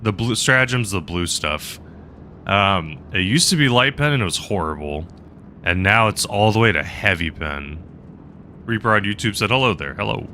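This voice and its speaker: A male game streamer chats casually with viewers, rambling and trailing off. His voice is low but bright, with a lively, swinging intonation and faint background noise. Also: moderate pace. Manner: rambling, chatting with viewers, frequent laughs. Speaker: live streamer. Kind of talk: casual gaming commentary.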